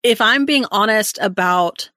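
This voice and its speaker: A woman's voice: medium pitch, a little slow, bright, forceful tone, no room sound, clean studio sound. A woman in her thirties hosting a podcast, thoughtful and a little hesitant, with many fillers. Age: 30s. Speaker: podcast host. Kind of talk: reflective conversational interview.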